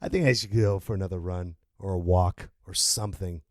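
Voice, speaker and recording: A man hosting a solo podcast rant, swinging between loud outbursts and low muttering and laughing at himself. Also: steady tone, brisk, no room sound, clean studio sound. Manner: self-mocking, laughs at himself. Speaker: podcast host.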